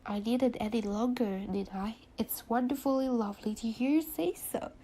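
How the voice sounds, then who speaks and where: A woman with a stuffy nose reading the part of a lively, playful young wife in a soft, half-whispered voice, with faint hiss behind her. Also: a little high, normal speed, lightly acted. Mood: eager.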